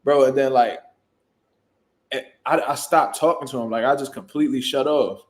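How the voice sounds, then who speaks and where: A man, a boxing trainer, telling a story in casual, profane, animated talk and loudly acting out what people said. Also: mid-range voice, moderate pace. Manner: profane, animated, jumps into loud acted-out quotes.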